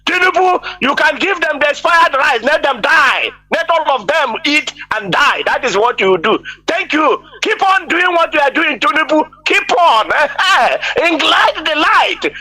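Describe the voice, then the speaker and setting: A man's voice: extremely high pitch, expressive, moderate pace, hardly any pauses, pushed and bright. A man calling in to a live broadcast, speaking in an impassioned, denouncing way. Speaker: caller. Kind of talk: phone-in call to a live broadcast.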